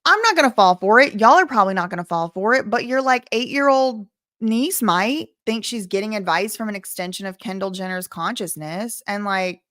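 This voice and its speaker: A woman's voice: on the high side, a bit bright, no room sound, studio quality. A woman, talking casually and uneasily, full of fillers and sighs, as she reads out a chat log for her channel. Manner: filler-heavy, sighing, uneasy. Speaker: commentary vlogger. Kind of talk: casual commentary, reading a chat log aloud.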